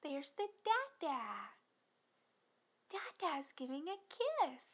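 A young woman teaching first words to toddlers in a slow, exaggerated sing-song voice, with excited gasps and drawn-out simple words. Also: very high voice. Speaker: children's educator, speech therapist.

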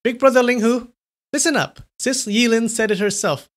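A man doing a teasing, lively young woman. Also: very high voice, normal speed, pitched above the performer's own voice.

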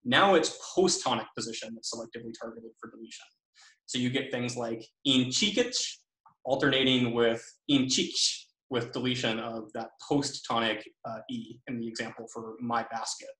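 A man's voice: mid-range voice, steady tone, fairly bright tone. Man lecturing with frequent ums, roomy. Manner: measured, frequent ums and uhs, trailing off at phrase ends. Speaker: linguistics lecturer. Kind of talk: academic talk on slides. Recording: roomy echo.

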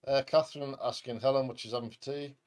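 A man's voice: mid-range voice, steady tone, fast talker. A man co-hosting a live community show, reading out viewer comments in a dry, understated way. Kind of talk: casual live chat.

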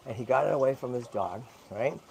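A man with a creaky, mid-range voice talks a little fast while hosting a casual livestream, constantly checking in with "right?" and "okay?" He coos softly to a baby squirrel he's handling; he's a channel host and tortoise rescuer. Slight background noise is audible.

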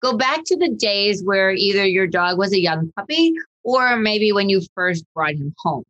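A woman hosting a dog-training podcast in casual chat, animated and acting out voices of dogs and owners. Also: medium pitch, normal speed, highs cut off.

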